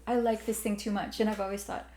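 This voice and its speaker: A woman's voice: medium pitch, flat delivery, fast talker, dark tone, echoey room, a little hiss or hum. A woman from Alabama with a Southern American accent, hosting a casual podcast and gossiping in a wry, joking way. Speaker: podcast host.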